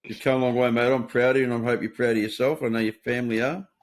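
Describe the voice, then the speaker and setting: A man's voice: medium pitch, level tone, very fast. A man, hosting a podcast in a blunt, matter-of-fact way and swearing freely. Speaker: podcast host. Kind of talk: casual conversation.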